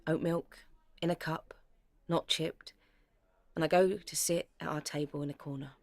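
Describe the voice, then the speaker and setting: A low-voiced searching daughter. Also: female voice, steady tone, normal speed, dry recording. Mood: earnest. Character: young British woman, daughter searching family history. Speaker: narrator. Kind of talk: present-tense dramatic narration.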